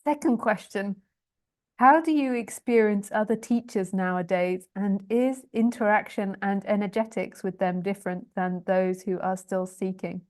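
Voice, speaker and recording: A woman's voice: medium pitch, steady tone, moderate pace, a little mellow. A woman spiritual teacher on a live stream, reading viewer questions aloud in a chatty, self-deprecating way, often laughing and stumbling over long sentences.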